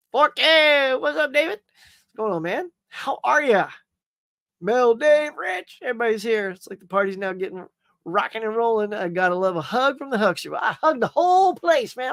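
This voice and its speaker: A man's voice: very high voice, big pitch swings, moderate pace, gravelly, a bit bright, dry recording, studio quality. A man hosting a casual live stream, rambling cheerfully, greeting viewers and reading their comments, often saying "y'all" and "man.".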